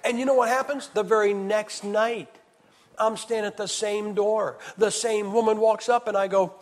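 A man preaching an evangelist's sermon at a camp meeting, swinging from loud to hushed. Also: high voice, steady tone, moderate pace. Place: church hall. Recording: reverberant hall sound.

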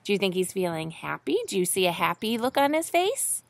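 A woman reading a picture book aloud to children, gently asking them questions along the way. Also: mid-range voice, big pitch swings, fairly quick, vocal fry, dry recording.

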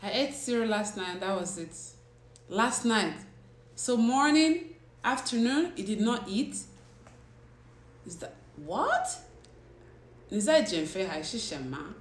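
A woman's voice: medium pitch, very animated, takes it slowly, long pauses. A young woman hosting a casual livestream, chatting and teasing as she reads viewers' comments. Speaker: livestream host. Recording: roomy echo with faint background noise.

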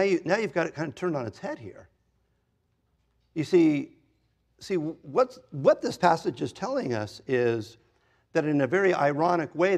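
Conversational older male pastor preaching. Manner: conversational, self-deprecating asides, swings pitch and volume for emphasis. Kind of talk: expository sermon. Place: church sanctuary.

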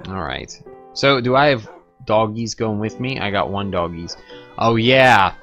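A man's voice: lively intonation, unhurried, fairly bright tone, lo-fi sound, soft background music. A young man rambling casually through gameplay commentary, joking and going off on tangents. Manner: rambling, joking, talks to his pets in a squeaky baby voice. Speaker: gaming streamer.

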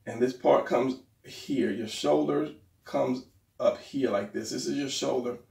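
A man's voice: mid-range voice, unhurried, gravelly, mellow. A man giving a casual drawing tutorial, thinking aloud as he sketches and points things out. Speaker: art instructor. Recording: roomy, distant mic.

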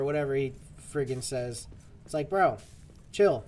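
A man's voice: a little high, moderate pace, darkish tone. A man streaming a game, chatting casually and rambling to his viewers as he plays. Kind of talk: casual gameplay commentary.

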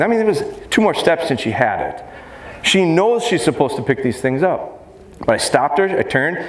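Guy running a dog seminar, bit high voice, joking with the crowd, echoey big hall. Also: slight background noise. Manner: energetic, joking, talks to the audience. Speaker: dog trainer giving a seminar. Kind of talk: live seminar talk. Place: large exhibition hall. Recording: roomy hall echo, faint crowd ambience.

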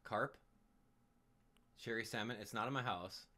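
A man giving live commentary on a game stream, excitable and exclaiming as he rants in frustration. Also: on the low side, a little slow.

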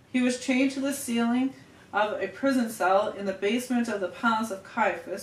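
A woman reading a story aloud to her children at home, steady with small slips and restarts. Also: medium pitch. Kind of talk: family storybook read-aloud. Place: home room. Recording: roomy home room, distant mic, faint hiss.

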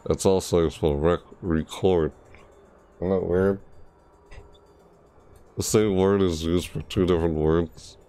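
A low, gravelly man's voice drifts along at an unhurried crawl, muttering and rambling to himself as he plays. He sounds tired and sleepy, a casual game streamer talking half to his viewers and half to himself, with faint game music underneath. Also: fairly even intonation, dark tone. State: tired, yawning. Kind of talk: casual live-stream commentary.

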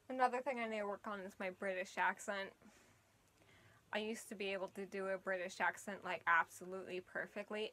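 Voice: mid-range voice, sharp tone. A cosplay vlogger talking casually at home while setting up a photoshoot, speech slightly slurred by costume fangs, tired from an early start and laughing often. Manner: chatty, laughs often, trails off. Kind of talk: casual vlog chat.

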